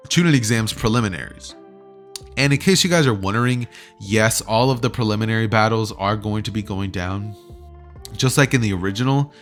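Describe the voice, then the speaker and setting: A man's voice: lowish voice, fairly bright tone. A young man casually retelling a fan story as a YouTuber. He rambles and fills his talk with "like" and "you know".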